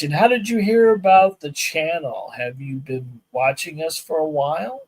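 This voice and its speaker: A man hosting a live podcast as a firearms instructor, chatting casually with viewers and telling animated stories where he acts out both sides of conversations. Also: fairly high pitch, normal speed, few pauses, poor audio. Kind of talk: casual live-stream chat. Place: outdoor shooting range.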